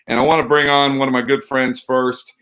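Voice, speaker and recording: A man's voice: medium pitch, level tone, a little fast, a bit bright, smooth. A man hosting a casual sports podcast in an upbeat, joking manner. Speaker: podcast host.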